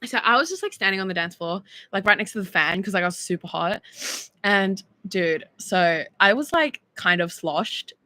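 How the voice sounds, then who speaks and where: A woman's voice: medium pitch, animated, moderate pace, pushed and bright. A young Australian woman in her early twenties, chatting casually and giggling as she reads viewer texts on a stream. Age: 20s. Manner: chatty and giggly, lots of fillers. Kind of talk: casual chat.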